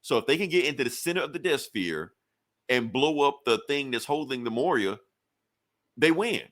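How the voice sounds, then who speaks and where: A man's voice: medium pitch, lively intonation, moderate pace, a bit bright. A man co-hosting a podcast, loosely recapping a comic book in casual, rambling talk full of fillers. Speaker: podcast co-host.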